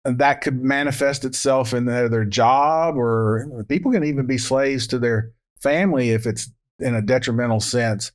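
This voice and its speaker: Man in a Bible study, measured explaining. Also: medium pitch. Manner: measured, explanatory, cites Greek words. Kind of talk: verse-by-verse Bible study discussion.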